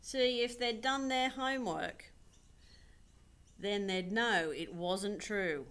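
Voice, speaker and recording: A woman's voice: medium pitch, slow, fairly bright tone, clean tone. A woman voicing a grumpy, fed-up male koala who rants in rhyme in a storybook reading. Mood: indignant. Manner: indignant, ranting in rhyme.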